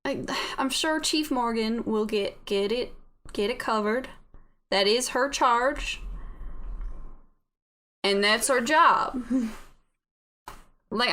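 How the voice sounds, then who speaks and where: A woman's voice: on the high side, pushed and bright. A woman voicing an easygoing adult father who jokes with his son and calls him buddy. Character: laid-back teasing single dad, adult man.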